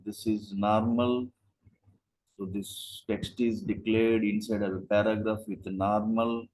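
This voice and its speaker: Slow, flat-voiced male coding teacher. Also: fairly low pitch, poor audio. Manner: explains in short steps, asks rhetorical questions. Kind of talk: live online class. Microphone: video call.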